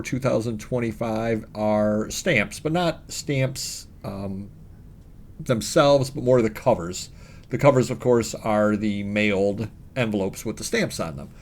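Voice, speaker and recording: A man's voice: medium pitch, darkish tone. Male co-host, chatty and rambling, fillers and asides while he lists items. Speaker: co-host of a reselling show. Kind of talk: casual chat about sales.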